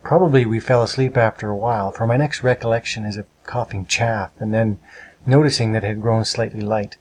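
A man narrating a storybook with a steady, measured reading. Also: fairly low pitch, slight background noise, rough recording.

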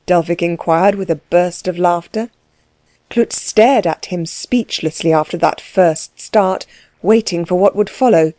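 A woman reading a novel aloud as narrator, with steady, measured storytelling. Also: fairly low pitch, no echo, clean studio sound. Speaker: audiobook narrator. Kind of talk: scripted narration.

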